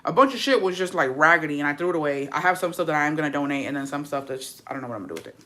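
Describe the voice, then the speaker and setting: Very fast and animated, her low voice has a sharp tone. This young woman vlogger talks casually to her viewers on camera, using slang, swearing, and dropping in Spanish words.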